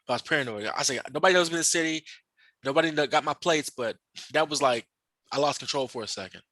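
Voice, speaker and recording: A man telling stories in a casual podcast chat, animated and profane, acting out the voices of people he met. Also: on the high side, fast talker, dry recording. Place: podcast studio.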